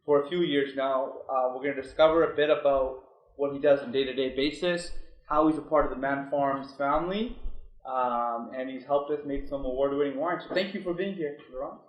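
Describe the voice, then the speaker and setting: A man's voice: medium pitch, a little fast, echoey room, low-quality recording. A man from Canada co-hosting a casual podcast, upbeat and chatty, laughing easily with his guest. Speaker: podcast co-host.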